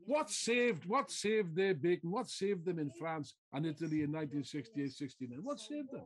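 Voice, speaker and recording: A man's voice: on the high side, very animated, normal speed. A man giving a political speech to a meeting, emphatic, repeating phrases and throwing out rhetorical questions. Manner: mocking mimicry of opponents. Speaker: political speaker.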